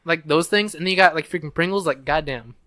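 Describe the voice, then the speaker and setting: Młody facet, jasny głos, często przeklina. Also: male voice, fairly high pitch, fast, pushed and bright, dry recording. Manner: swears often, enthusiastic. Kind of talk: casual chat among friends.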